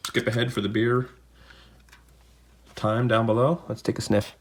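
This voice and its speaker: A man's voice: medium pitch, flat delivery, a little slow. A man hosting a casual unboxing video, chatting in a rambling way with jokey asides from a home room with a desk camera. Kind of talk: casual unboxing and beer tasting chat.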